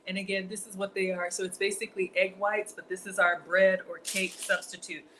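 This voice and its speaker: A woman's voice: medium pitch, level tone, fairly quick, a bit bright, a little hiss or hum. A woman casually demonstrating a recipe in her home kitchen, chatting to viewers and calling them y'all. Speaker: cooking vlogger.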